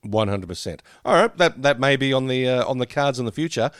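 A man's voice: mid-range voice, brisk, smooth, no room sound, clean studio sound. A man co-hosting a casual podcast, laughing often and poking fun at himself. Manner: laughs often, lively, self-deprecating. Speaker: podcast co-host.

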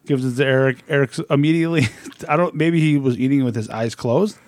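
Man, mid pitch, deadpan blunt storyteller, swears freely, dry close mic. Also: quick pace, dry recording. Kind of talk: casual storytelling.

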